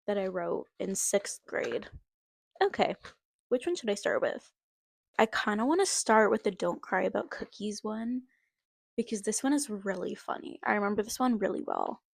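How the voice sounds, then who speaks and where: A woman's voice: mid-range voice, gravelly, no echo. A young woman hosting a podcast who casually reads old childhood stories aloud with amused, giggly asides, into a close microphone at home. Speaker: podcast host. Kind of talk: casual reading aloud with reactions.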